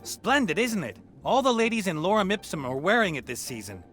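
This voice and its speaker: A man's voice: high voice, sing-song, fairly quick, fairly bright tone. A man voicing a sly young adventurer posing as a hatter in a video game, teasing and mock-gallant. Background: game music.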